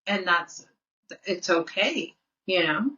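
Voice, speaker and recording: A woman's voice: fairly low pitch, lively intonation, takes it slowly, pushed and bright, far from the mic. A woman co-hosting a podcast in casual chat. She talks earnestly, restarts often and repeats her words. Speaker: podcast co-host. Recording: muffled audio, off-mic.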